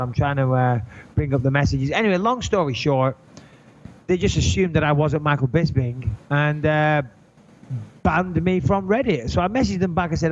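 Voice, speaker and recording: A man co-hosting a podcast, telling an animated, indignant story in casual chat. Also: on the high side, moderate pace. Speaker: podcast co-host. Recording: dull lo-fi podcast audio.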